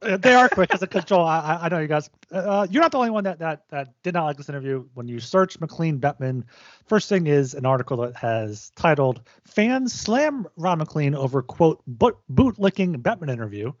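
A man's voice: fairly high pitch, expressive, brisk, dry recording. Stammering man on dry lo-fi podcast audio. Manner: hesitant, stammering delivery. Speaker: podcast co-host. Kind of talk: casual sports podcast chat.

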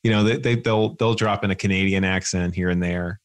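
A man co-hosting a podcast, musing in casual chat with halting restarts. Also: sits low, fairly even intonation. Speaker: podcast co-host.

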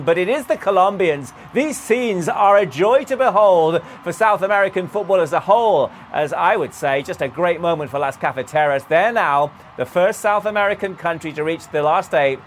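A man with a high-pitched voice gives an enthusiastic live sports roundup for a news channel. He piles on praise as he describes the goals. Faint ambient noise sits under his voice. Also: normal speed, few pauses. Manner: enthusiastic, effusive commentary. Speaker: sports correspondent.

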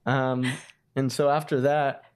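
A man, a father and guest, telling a personal memory in a measured, reflective way with filler words. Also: mid-range voice, level tone, crowd noise. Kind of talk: personal storytelling.

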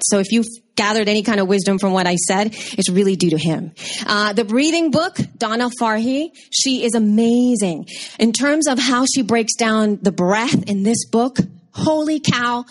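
Bubbly woman presenting a live workshop. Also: medium pitch. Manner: bubbly, expressive, conversational. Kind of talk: live talk with audience questions.

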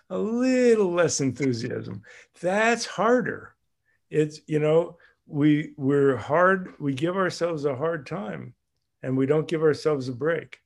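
A man guides a group through an exercise over a video call. His voice sits a little high for a man. He talks in an animated way and slips into playful voices with big jumps in pitch. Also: creaky. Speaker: group leader.

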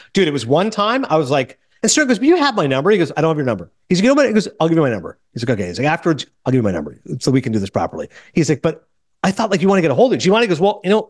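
A young man hosting a podcast, telling stories in a casual, animated way and retelling conversations. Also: on the high side, dry recording, clean studio sound. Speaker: podcast host. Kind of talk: casual chat.

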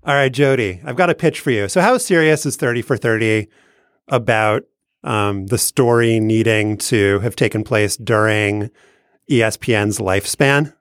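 A man's voice: fairly low pitch, normal speed, clear, resonant tone, no room sound, studio quality. A man co-hosting a podcast, setting up a story in a playful, theatrical way during a casual chat. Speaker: podcast co-host.

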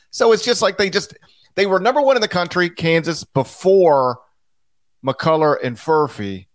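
A man's voice: sits high, no echo, clean studio sound. A man co-hosting a basketball podcast, talking casually and with animation, often restarting his sentences. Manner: animated, chatty, with restarts and quick asides. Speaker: podcast co-host, basketball analyst.

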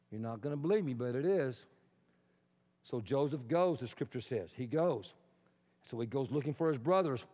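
A man's voice: a little high, dark tone. A male pastor preaching a conversational sermon in a church sanctuary, with dramatic storytelling and rhetorical questions, recorded in a reverberant hall with dull, lo-fi sound.

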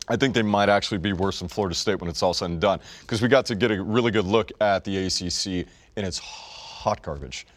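A man's voice: deep voice, brisk, hardly any pauses, no echo. A young man co-hosting a podcast, chatting casually and sarcastically about sports. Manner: wisecracking, sarcastic. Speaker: podcast co-host.

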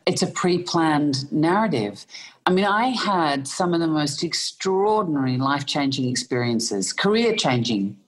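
A middle-aged Australian woman, an actress in an interview, telling anecdotes with frequent laughter and fillers. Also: low voice. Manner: laughs often while telling stories, hesitant fillers.

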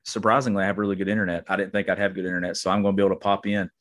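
A man's voice: low-pitched, little pitch movement, rapid-fire, a bit bright. A man co-hosting a sports podcast, chatting casually and enthusiastically from a remote spot. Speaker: podcast co-host. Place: remote, on vacation.

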